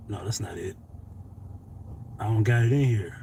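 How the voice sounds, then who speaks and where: A man hosting a commentary vlog, telling a personal story in a casual, profane, animated way. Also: fairly low pitch, unhurried, gravelly, long pauses, a little hiss or hum. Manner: profane, animated, tells a story with acted quotes. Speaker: commentary channel host.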